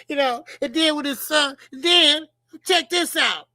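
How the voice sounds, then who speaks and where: A middle-aged man with a Chicago accent giving casual, profane, animated boxing commentary as a channel host. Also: extremely high pitch, drawn-out words, pauses often, no echo. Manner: animated, profane, laughing banter.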